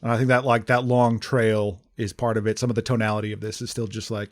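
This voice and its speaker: A man co-hosting a podcast, discussing a film in a measured, wry way with frequent fillers. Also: fairly low pitch, little pitch movement. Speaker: podcast co-host. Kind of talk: casual film review chat.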